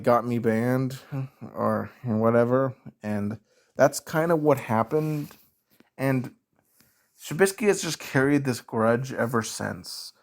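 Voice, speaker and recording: A man with a Southern US accent answers viewer questions in a casual, ranting commentary, talking slowly with many fillers. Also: mid-range voice, gravelly. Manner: slow, drawn-out delivery with many fillers.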